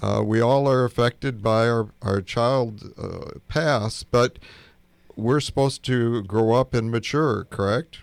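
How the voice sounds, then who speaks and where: A man's voice: medium pitch, slow, creaky, smooth, no echo. A man co-hosting a radio talk, speaking hesitantly with many fillers. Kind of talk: casual radio discussion.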